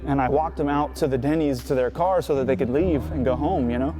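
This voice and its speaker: A man with a dark, mellow voice tells his story in a loose, profane, conversational way, checking in with "right?" and "you know" as he goes. Faint music plays softly behind him. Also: mid-range voice, fairly quick. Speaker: skateboarder. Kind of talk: recounting his past in an interview.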